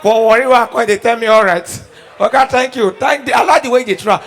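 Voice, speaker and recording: A man's voice: extremely high pitch, fast talker, creaky. A young Nigerian man doing stand-up, telling stories in Pidgin at a live show. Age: young adult. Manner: storytelling in Nigerian Pidgin, animated. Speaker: stand-up comedian. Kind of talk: stand-up comedy routine. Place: live comedy show venue.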